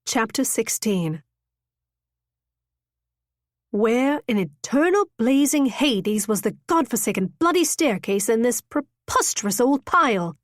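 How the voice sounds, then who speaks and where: A woman narrating a romance audiobook in an expressive, dramatic reading style. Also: fairly high pitch, a little slow, few pauses, no room sound, clean studio sound. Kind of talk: scripted narration.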